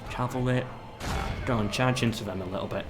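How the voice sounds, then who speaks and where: A man with a medium-pitched voice and fairly even intonation talks a little fast during a live strategy game, game music playing behind him. He stays chatty, directing his troops and chatting with viewers.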